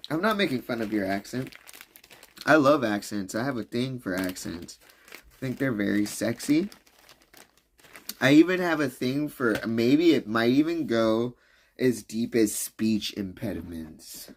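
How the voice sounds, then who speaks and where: A man's voice: mid-range voice, lively intonation, a little slow, slight background noise. A young man hosting a casual livestream chat, loose and profane, rambling and laughing while he drinks beer. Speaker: livestream host.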